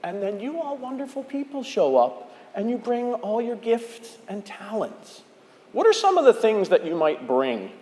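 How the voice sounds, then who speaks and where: A man's voice: high-pitched, wildly swooping pitch, measured pace, a little mellow. A man leading a children's time in a church service, asking playful questions and leading a song. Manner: playful, asks questions, sings along. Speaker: director of lifelong faith formation. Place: large church sanctuary. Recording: echoey hall, organ music behind.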